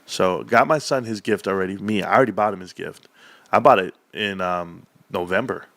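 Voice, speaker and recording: A deep-voiced man at a moderate pace hosts a casual livestream chat, with no room sound. He brings his stories to life by acting out the quoted voices of the people in them.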